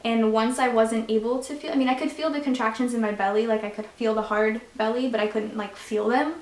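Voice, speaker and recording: Young woman vlogger, slightly high voice, chatty storyteller, filler-heavy, roomy echo. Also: a little fast. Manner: chatty, many fillers, animated retelling. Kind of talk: casual storytelling. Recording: echoey room.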